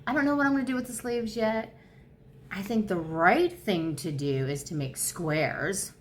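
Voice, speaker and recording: A woman's voice: mid-range voice, normal speed, a little hiss or hum. Bubbly rambling woman in her fifties. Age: 50s. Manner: bubbly, rambling, easily excited. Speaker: crochet vlogger. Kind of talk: casual chat. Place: her home.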